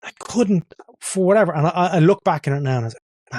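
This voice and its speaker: A man hosting a podcast, chatty and quick to laugh. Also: fairly high pitch, darkish tone, no room sound. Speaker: podcast host. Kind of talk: podcast conversation.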